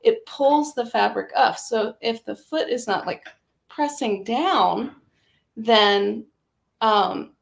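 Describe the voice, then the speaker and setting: Woman, product demonstrator, chatty, lots of fillers, slightly high voice, roomy echo. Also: slow pace, gravelly. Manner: chatty, with frequent fillers, narrating her own actions. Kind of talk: hands-on sewing machine demonstration.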